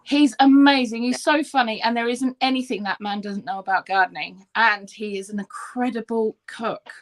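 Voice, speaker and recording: A woman's voice: on the high side, steady tone, moderate pace. A woman, a guest on a live video chat, talking enthusiastically with many ums. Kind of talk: casual chat.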